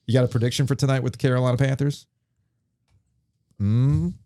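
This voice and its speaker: A man's voice: mid-range voice, steady tone, fairly quick, warm tone, no echo, studio quality. A man hosting a casual sports podcast, laughing often and repeating words as he talks. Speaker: podcast host.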